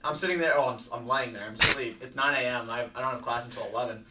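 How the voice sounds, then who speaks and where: A young man co-hosting a casual studio chat, telling a story in a lively way. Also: medium pitch, fast talker. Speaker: co-host. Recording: slightly distant mic, faint noise.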